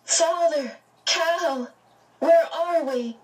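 A woman voicing an emotional teenage girl in a storybook, crying out slow and earnest. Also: very high voice, recorded from a distance, pitched above the performer's own voice, heavily acted. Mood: excited. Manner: slow, tearful, earnest cries.

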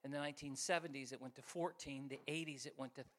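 A middle-aged man preaching a sermon as guest speaker, telling stories with lively acted-out voices and sudden shifts between loud and soft. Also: mid-range voice, quick pace. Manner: animated, acts out voices, jumps between loud and quiet. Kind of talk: sermon with storytelling.

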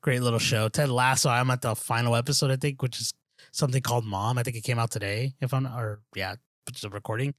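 A man's voice: mid-range voice, fairly even intonation, fast, a bit bright, no echo, clean studio sound. A man co-hosting a podcast, chatting casually and rambling with lots of fillers, restarts and "dude.". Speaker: podcast co-host. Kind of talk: casual chat.

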